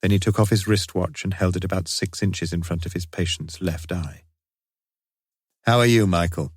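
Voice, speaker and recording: A man narrating an audiobook in a steady, unhurried reading voice. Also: sits low, husky, no room sound, studio quality. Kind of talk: scripted narration.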